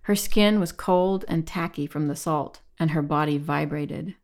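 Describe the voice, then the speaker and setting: A woman reading a novel aloud as narrator, in a measured, evenly paced delivery. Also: deep voice, a little mellow. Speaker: audiobook narrator. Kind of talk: scripted narration.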